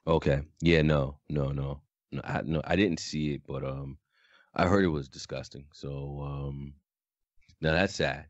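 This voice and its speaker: A man co-hosting a podcast in casual chat, talking in a flat, deadpan way. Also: rumbling low, a little slow, no room sound, lo-fi sound. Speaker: podcast co-host.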